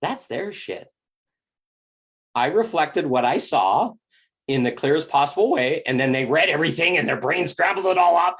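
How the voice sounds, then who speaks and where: A man's voice: a little high, expressive, normal speed, fairly bright tone. A man giving a reflective spiritual self-help monologue, candid and emphatic, swearing freely and often repeating words as he thinks aloud.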